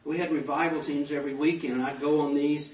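A pastor giving a personal testimony to a banquet audience, telling it as animated stories with self-deprecating humor. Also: male voice, a little high, fast. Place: banquet hall. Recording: echoey hall, distant mic, dull sound.

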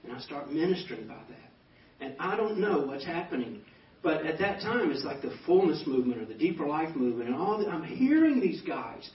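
A pastor giving a personal testimony to a banquet audience, telling it as animated stories with self-deprecating humor. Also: male voice, on the high side, a little fast, few pauses. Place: banquet hall. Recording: echoey hall, distant mic, dull sound.

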